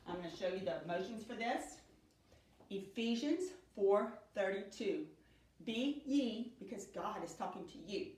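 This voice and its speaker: A woman's voice: mid-range voice, animated, a little mellow. Woman teaching kids in echoey room. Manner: slow, sing-song storytelling to small children. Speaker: Sunday school teacher. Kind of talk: children's Bible lesson. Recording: echoey room, speaker far from mic.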